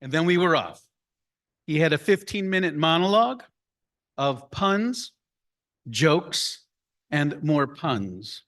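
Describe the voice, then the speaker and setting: A man, a rabbi, giving a slow, deliberate report and story to his congregation at an annual meeting. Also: a little high, animated, a bit bright. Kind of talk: congregational address. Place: room filled with people.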